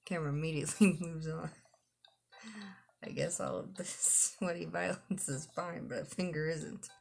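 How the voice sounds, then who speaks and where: A woman's voice: sits low, steady tone, normal speed, gravelly, a little mellow, faint music behind. A woman streamer reading a visual novel aloud, laughing in between and adding dry asides. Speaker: gaming streamer.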